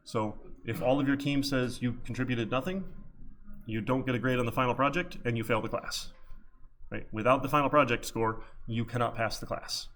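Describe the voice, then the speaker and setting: A man's voice: medium pitch, steady tone, normal speed, a bit bright, slight background noise. A man teaching a college programming class in a casual, chatty lecture, often checking in with "right?". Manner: chatty, filler-heavy, repeats "right?".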